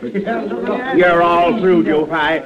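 A mild, folksy townsman with a plain country drawl, the kind who says "ain't" and "nothing" where he shouldn't. The sound is a dull, muffled old radio broadcast, and his voice sits on the high side. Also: drawn-out words, a crowd in the background. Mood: gleeful. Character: timid small-town man turned bluffing gunman. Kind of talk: 1950s radio drama acting.

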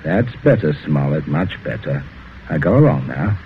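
Genial, murderous father; animated, smooth menace on a muffled vintage broadcast. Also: rumbling low, normal speed, a little hiss or hum. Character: genial but murderous English father holding a gun. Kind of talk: 1940s radio acting. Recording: dull old radio broadcast.

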